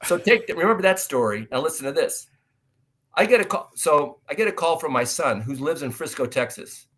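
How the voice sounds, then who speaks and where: A middle-aged man from the United States, an actor guest telling stories in an interview and acting out dialogue loudly. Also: a little high, brisk, slight background noise. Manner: animated storyteller, acts out dialogue loudly. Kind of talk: storytelling interview talk.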